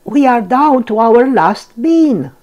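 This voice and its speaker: An older woman voicing an eager young male cartoon mouse in a storybook, with high, excited exclamations. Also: takes it slowly, highs cut off.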